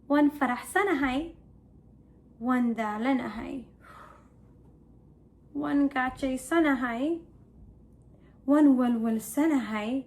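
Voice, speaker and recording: A woman teaching a language lesson for toddlers, talking slowly and playfully while acting out feelings. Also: high-pitched, darkish tone. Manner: slow, playful, exaggerated emotions for kids.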